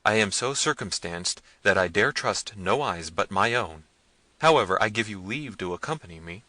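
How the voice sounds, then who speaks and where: A man voicing a domineering, harsh prince, speaking loudly and with command. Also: lowish voice, lively intonation, normal speed, slight background noise, rough recording. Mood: stern. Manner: loud, commanding delivery.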